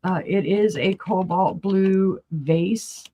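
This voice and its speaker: A woman with a New Mexico accent talks in a folksy, chatty way as a guest on a live sale stream. She walks viewers through each piece up close. Her voice sits at an ordinary middle pitch. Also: takes it slowly, warm tone. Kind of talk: casual live-sale chat.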